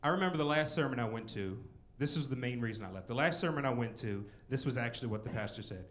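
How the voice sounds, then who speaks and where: A man's voice: medium pitch, expressive, fast talker, a bit bright. A man in his twenties doing a rambling, self-mocking stand-up set in a comedy club. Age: 20s. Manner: rambling, self-mocking, with frequent "you know" and "like".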